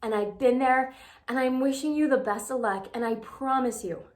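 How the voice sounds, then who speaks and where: Young female vlogger with a higher voice, chatty and casual, lots of fillers. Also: moderate pace. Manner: chatty, lots of "like" fillers, acts out quoted texts. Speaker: advice vlogger. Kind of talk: casual talk to camera.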